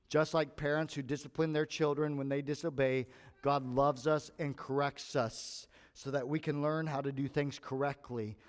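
Animated male preacher in an echoing hall. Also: medium pitch. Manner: animated preaching, acts out quoted voices. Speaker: pastor. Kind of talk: sermon. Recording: long hall reverb.

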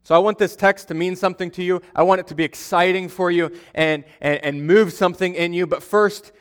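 A young man gives a sermon as pastor, his voice sitting a little higher than most men's. He talks in a loose, conversational way, telling stories and poking fun at himself. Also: steady tone, brisk, smooth. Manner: conversational storytelling, self-deprecating humor.

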